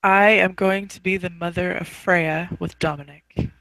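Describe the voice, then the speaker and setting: A woman's voice: fairly low pitch, fairly even intonation, a little slow, a bit bright, dry recording, low-quality recording. Rose, a plain young woman, voiced by a woman player. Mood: earnest. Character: young woman Rose, earnest, newly pregnant. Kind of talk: tabletop role-play.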